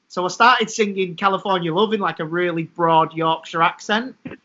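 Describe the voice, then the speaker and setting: A man with a high, bright, forceful voice co-hosts a podcast, chatting casually and joking through his anecdotes. The recording is dull and lo-fi. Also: fairly even intonation, fairly quick. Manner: joking, laughs between lines. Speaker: podcast co-host. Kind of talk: casual chat.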